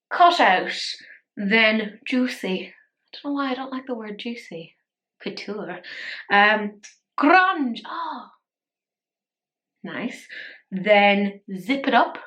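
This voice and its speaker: A woman's voice: a little high, animated, slow, long pauses, sharp tone. A tired woman chatting playfully through a casual makeup tutorial, poking fun at herself. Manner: chatty, playful, self-mocking. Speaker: beauty vlogger.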